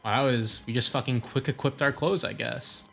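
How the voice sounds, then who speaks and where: A man's voice: medium pitch, steady tone, normal speed, gravelly, a bit bright, soft background music. A young man giving casual let's-play commentary, reacting with crude, sarcastic jokes. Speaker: gaming voice-over streamer.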